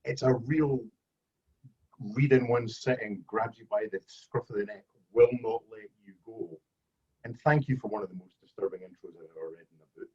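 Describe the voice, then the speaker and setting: A man's voice: on the low side, moderate pace, darkish tone, breathy edge, dull audio. A male author acting as guest interviewer, praising the book in a rambling lead-in before asking his question over a video call.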